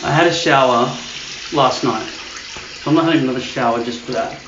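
A man's voice: medium pitch, moderate pace, noisy background. Crude joking man in an echoey room. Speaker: vlogger. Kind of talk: casual rambling vlog. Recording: echoey dull room sound.

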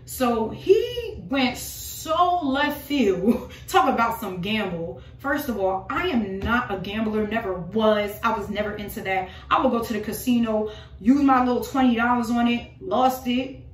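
A woman preacher delivers an informal prophetic sermon, emphatic and repetitive, hammering her points home with rhetorical questions. Her fairly high voice moves at a normal speed and sounds far from the mic, roomy and off-axis.

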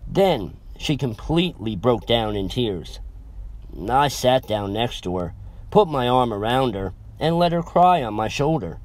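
A man's voice: mid-range voice, expressive, a little slow, a little mellow. Chatty man narrating his own story. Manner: chatty, rambling, self-aware asides. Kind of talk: first-person story narration.

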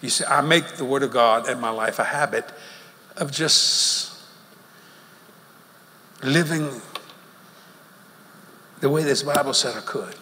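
Animated preacher in a big hall. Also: male voice, mid-range voice, takes it slowly, long pauses, slight background noise. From Louisiana, USA. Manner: folksy, animated, laughing between lines. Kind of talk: sermon. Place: large church auditorium. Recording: long hall reverb with faint crowd ambience.

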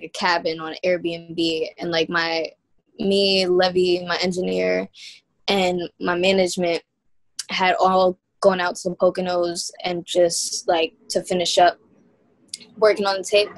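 A young woman from New York, a guest musician telling stories in a loose, slangy, laid-back way during a casual interview chat. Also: lowish voice.

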